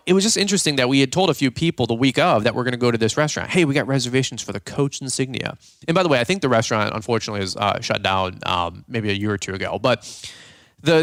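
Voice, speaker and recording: A young man hosting a podcast, telling a funny story in a casual, animated way and acting out the voices of the people in it. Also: medium pitch, no room sound, studio quality. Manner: animated, jokey, acts out quoted voices. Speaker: podcast host.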